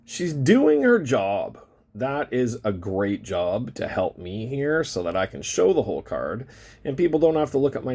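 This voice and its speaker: A man's voice: medium pitch, darkish tone, slightly rough. A man hosting a card-opening video in casual chat, rambling and swearing now and then, drawing out the ends of his phrases. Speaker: card-opening channel host. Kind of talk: casual chat while opening trading cards.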